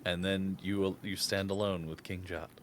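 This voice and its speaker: A man narrating as game master of a tabletop game, halting with fillers. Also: low-pitched, little pitch movement, very noisy.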